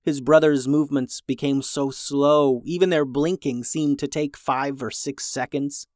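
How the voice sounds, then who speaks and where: A storyteller reads a children's tale aloud, with plenty of life in the telling and the pitch jumping up and down for each character. The voice sits in a middle range. The recording is close and dry, with no room sound around it. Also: steady tone, unhurried, a little mellow, no room sound. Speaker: children's story podcast host.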